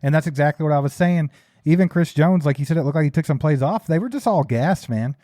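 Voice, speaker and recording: A man co-hosting a casual sports talk show, talking in a relaxed but frustrated way and laughing along. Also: on the high side, fast talker, no room sound, clean studio sound. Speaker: podcast co-host.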